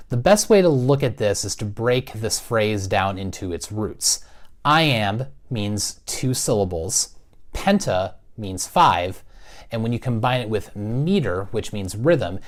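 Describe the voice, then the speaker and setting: Man teaching a patient lesson. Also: lowish voice. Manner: clear, patient explaining with spoken examples. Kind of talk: recorded classroom lesson.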